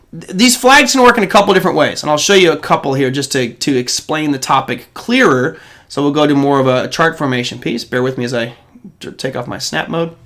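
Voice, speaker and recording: A man with a high, light voice hosts a live market show. He talks through charts in a relaxed, conversational way and often pauses on "um" before restarting a thought. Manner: conversational and explanatory, with frequent ums and restarts. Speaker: host of a trading show.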